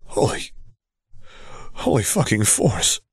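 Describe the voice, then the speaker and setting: A man's voice: deep voice, animated, moderate pace, slightly rough, no echo, studio quality, full character voice. A man reading a story aloud and voicing a blunt, casual young man. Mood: shocked. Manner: casual, choked.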